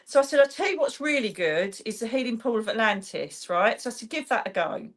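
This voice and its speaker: A woman's voice: on the high side, expressive, fast, few pauses. A woman hosting a casual livestream as a psychic medium, chatty and teasing, laughing often.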